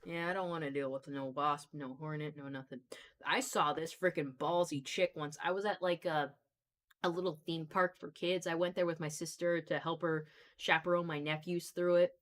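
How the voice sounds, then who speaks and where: A woman's voice: low voice, steady tone, moderate pace. A young woman hosting a live stream, telling stories in a chatty, casual way and swearing freely. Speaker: streamer host.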